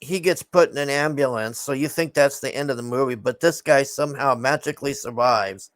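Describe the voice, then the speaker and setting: A man's voice: mid-range voice, brisk, a bit bright, dry recording. A man casually recapping a film in a rambling, exasperated way, swearing often and sighing.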